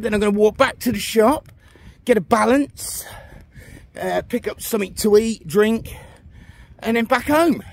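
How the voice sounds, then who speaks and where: A man's voice: sits high, creaky, slight background noise. A man chatting on a casual walk-and-talk vlog while out of breath, filmed outdoors on a phone as he walks along a village road. He keeps asking the viewer "you know what I mean". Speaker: vlogger.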